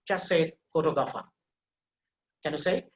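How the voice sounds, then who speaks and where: A man teaching English pronunciation in an online class, patiently repeating words slowly so a student can copy them. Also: fairly high pitch, a bit bright. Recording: echoey room with faint noise.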